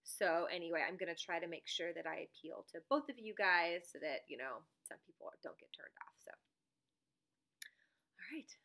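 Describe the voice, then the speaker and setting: A woman's voice: fairly low pitch, lively intonation, moderate pace, gravelly, bright, forceful tone. A woman talking casually to her viewers in a rambling, chatty way, often breaking into laughs; she is a teacher who makes reaction videos, speaking at home to a camera mic.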